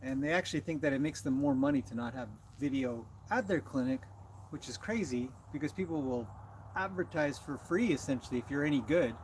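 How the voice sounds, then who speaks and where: A man's voice: medium pitch, fairly quick, darkish tone, slight background noise. A man hosting a casual livestream outdoors beside a horse, chatting loosely and talking to his animals between thoughts. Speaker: horse trainer livestream host.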